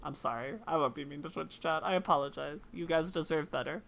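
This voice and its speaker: A woman's voice: deep voice, a little fast, creaky, few pauses, a bit bright. A woman streaming a game live, chatting casually and playfully with her viewers and teasing herself. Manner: playful, self-mocking, talks to chat.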